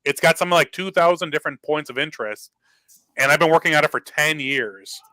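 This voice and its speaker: A man speaking as a guest on a live talk show, telling an animated story and acting out the dialogue, heard over a video call. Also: fairly high pitch, fast, dry recording, rough recording.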